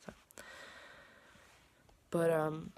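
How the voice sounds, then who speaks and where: A young woman talking casually in a personal vlog, rambling with lots of fillers and sometimes dropping to a soft whisper. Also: low voice, monotone, drawn-out words. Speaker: vlogger.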